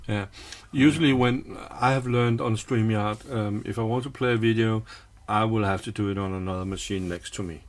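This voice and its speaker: A man's voice: on the low side, fairly even intonation, normal speed, hardly any pauses. A man on a livestream panel giving laid-back, brief replies with plenty of filler. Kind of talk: casual livestream chat.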